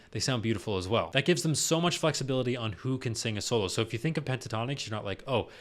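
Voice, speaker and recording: Male vocal coach, mid-pitched, explanatory, demonstrates by singing. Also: fairly bright tone. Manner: explanatory, demonstrates sounds with his voice. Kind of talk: music reaction commentary.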